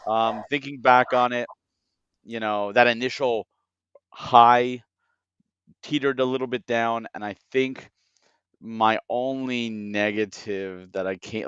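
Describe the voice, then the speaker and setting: A man co-hosting a casual podcast, rambling and excitable, jumping into quoted asides. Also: lowish voice, smooth, no room sound, highs cut off. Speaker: podcast co-host.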